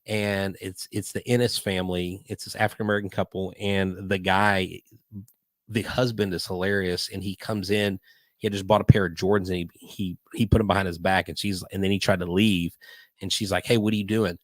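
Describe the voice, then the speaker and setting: A man's voice: deep voice, little pitch movement, fairly quick, no room sound. Chatty older man, dry sound. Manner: rambling, hyper, chatty. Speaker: podcast host. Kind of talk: live-stream casual chat.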